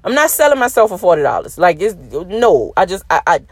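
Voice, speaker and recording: A young adult woman hosting a casual podcast alone, ranting bluntly with swearing and an animated, lively delivery. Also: lowish voice, brisk, no echo. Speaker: podcast host. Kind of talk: casual solo podcast talk.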